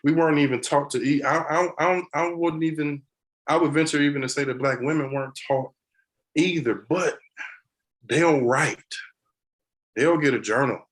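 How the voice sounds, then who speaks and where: Animated, laughing man telling stories. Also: fairly high pitch, normal speed, long pauses, low-quality recording. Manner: animated storyteller who laughs often and acts out quotes. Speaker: podcast guest, barber. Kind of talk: casual podcast conversation.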